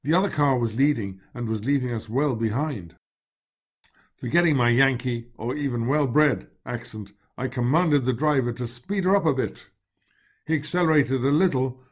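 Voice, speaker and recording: A man narrating a first-person memoir in a steady, measured reading voice. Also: mid-range voice, breathy edge.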